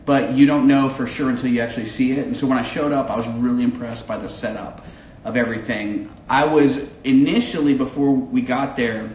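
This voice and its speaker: A man's voice: medium pitch, steady tone, brisk, a little mellow. A man, a police dog handler, answering interview questions in a friendly, easygoing way. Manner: friendly, laughs easily. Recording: echoey room with faint noise.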